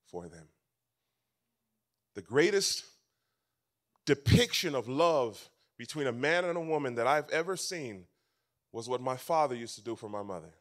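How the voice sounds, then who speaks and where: A man preaching a sermon as pastor, telling stories with animation and swinging between loud and soft passages. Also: mid-range voice.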